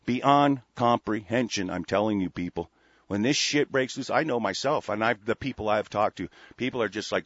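A man hosts a radio show, firing off a combative, profanity-heavy rant. His voice is husky and set at a middling pitch. The recording is dry and dull, with a lo-fi broadcast quality. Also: normal speed, fairly bright tone, dry recording. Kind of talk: heated monologue on internet radio.

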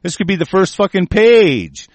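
Brief: furious, foul-mouthed male host ranting on a commentary show, fairly high voice, close and dry. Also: expressive, moderate pace, no echo. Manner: angry, cursing heavily, shouting; stumbles over words while reading. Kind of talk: profane ranting commentary, reading news aloud.

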